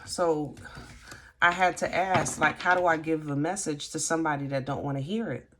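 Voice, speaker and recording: A woman giving a casual tarot reading, halting and gently reassuring, often restarting her sentences. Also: low-pitched, background noise. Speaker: tarot reader.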